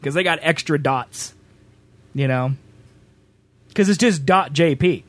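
A man hosts a casual reaction stream, chatty and joking, with lots of "like". His voice sits a bit high. It is recorded close and dry, with no room sound. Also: measured pace, dry recording. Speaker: streamer host.

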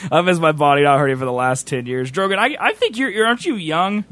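A man hosting a stream, chatting casually and teasing his co-host in a chatty, animated way. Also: on the high side, fast, no echo. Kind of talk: casual chat.

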